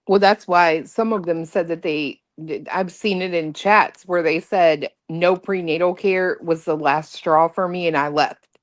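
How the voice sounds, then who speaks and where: A woman's voice: fairly low pitch, steady tone, measured pace. A woman co-hosting a casual chat, incredulous and sarcastic, with some swearing.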